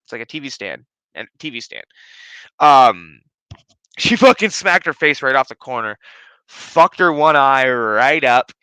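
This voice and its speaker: A man's voice: medium pitch, lively intonation, measured pace, bright, forceful tone, clean tone, no room sound, low-quality recording. A man hosting a casual home podcast, telling a rambling, profanity-heavy story full of fillers. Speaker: podcast host. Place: his living room at home. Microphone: streaming setup.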